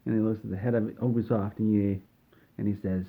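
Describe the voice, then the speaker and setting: Deadpan man telling a tall tale. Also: on the low side, fast, vocal fry. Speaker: comedy storyteller. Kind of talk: deadpan comic narration. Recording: tinny phone-like sound.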